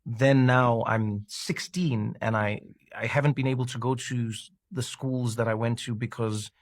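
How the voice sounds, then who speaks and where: A man's voice: medium pitch, fairly even intonation, unhurried, no echo. A South African man recalling his childhood in an interview, thoughtful and hesitant, with many fillers and restarts. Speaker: interview guest. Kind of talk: reflective interview talk.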